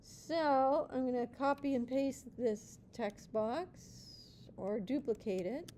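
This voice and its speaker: A woman's voice: high-pitched, takes it slowly, warm tone, a little hiss or hum. A woman teaching a Spanish class, explaining step by step, checking in with students and mixing in Spanish praise and playful nicknames.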